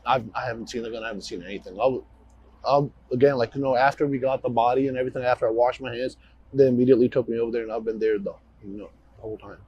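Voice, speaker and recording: A man, a police officer, outdoors recounting events to investigators in a hurried, halting way with many restarts. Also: medium pitch, steady tone, husky, dull audio. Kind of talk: recounting events under questioning. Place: outdoors at a roadside scene.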